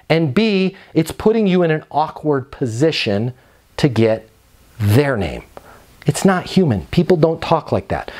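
A man training leasing agents on phone skills, energetic and salesy, acting out phone greetings as he teaches. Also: a little high. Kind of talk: instructional talk with acted phone calls.

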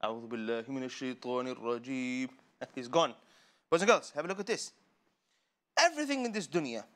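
A man teaching children about the Qur'an, playful and animated, asking questions and laughing often. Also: sits high. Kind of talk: lively lesson for children. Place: studio.

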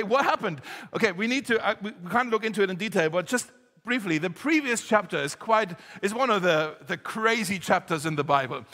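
A man preaching a sermon to a congregation, lively and joking, getting the crowd to join in. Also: sits high, big-room sound. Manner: lively, jokey, talks straight to the congregation. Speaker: pastor. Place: church hall.

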